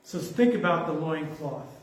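A man preaching a sermon in an animated, conversational way, joking with his congregation. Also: on the high side, moderate pace. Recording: echoey hall, mic from far off.

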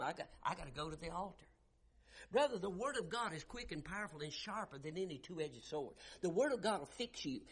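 A middle-aged preacher with a husky voice that sits high. He talks folksy and emphatic, and swings from plain talk up to loud shouts. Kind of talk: sermon.

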